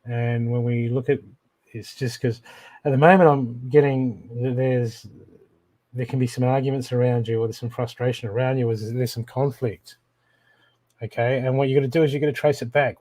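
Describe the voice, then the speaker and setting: A man's voice: medium pitch, fairly even intonation, moderate pace, a little mellow, no room sound. Australian male intuitive reader, live-stream readings, direct address, keeps checking in with the viewer.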